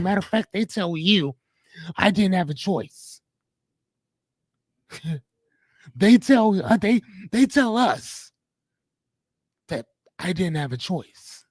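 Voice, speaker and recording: A man's voice: high voice, lively intonation, slow pace, pauses often, darkish tone, no echo. Blunt, preachy man hosting a live podcast. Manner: preachy, blunt, addresses audience directly, swears casually. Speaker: podcast host. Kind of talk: live motivational podcast talk.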